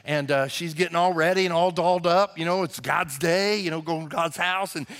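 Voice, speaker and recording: A man's voice: fairly high pitch, a little fast, fairly bright tone, big-room sound. A man preaching a conversational, emphatic sermon as pastor, acting out quotes in character voices.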